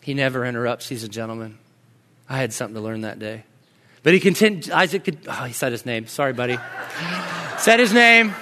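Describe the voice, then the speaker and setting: A man in his thirties, a pastor preaching a sermon in a conversational storytelling way, dropping to soft, quiet tones when he tells personal stories. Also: mid-range voice, expressive, brisk, slight background noise. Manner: conversational storytelling, drops to soft near-whispers in anecdotes.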